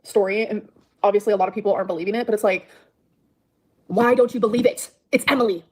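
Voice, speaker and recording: In a clip played from her livestream, a woman streamer airs a grievance in an emotional monologue, sounding aggrieved and defensive and repeating herself. She talks fast in a mid-range, somewhat dark voice with fairly even intonation.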